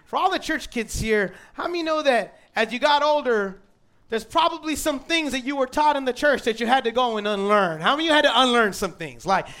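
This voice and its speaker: A man's voice: very high voice, animated, brisk, sharp tone. A man preaching a sermon to a church crowd in a conversational way, with asides to the congregation. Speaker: pastor.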